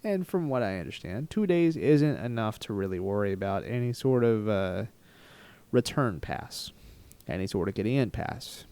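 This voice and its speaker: A man telling a travel story in a rambling, animated, self-mocking storytime vlog style. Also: fairly low pitch, normal speed, clear, resonant tone, dry recording. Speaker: travel vlogger.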